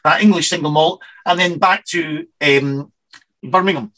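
A man's voice: fairly high pitch, measured pace, pushed and bright, rough recording. A man hosting a whisky show in a casual radio chat, rambling and correcting himself as he tells stories. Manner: rambling, self-correcting storyteller.

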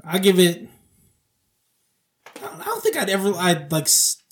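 High-voiced, laid-back man. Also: huge pitch swings, normal speed, a bit bright. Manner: laid-back, laughs often, short replies. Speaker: podcast co-host. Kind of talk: casual chat.

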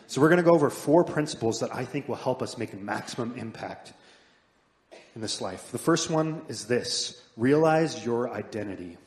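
A man preaching a sermon as pastor, earnest and conversational, rising to stress points and dropping soft at the ends of lines. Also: mid-range voice, lively intonation, moderate pace. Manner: earnest, builds up then drops to soft emphatic endings. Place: church sanctuary. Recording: echoey hall with long reverb.

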